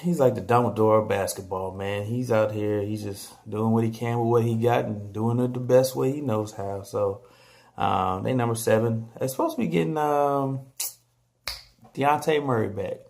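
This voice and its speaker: A man talking casually about basketball standings on his vlog, animated and joking, trash-talking teams and players. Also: lowish voice, moderate pace, creaky. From San Antonio, Texas. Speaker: vlogger.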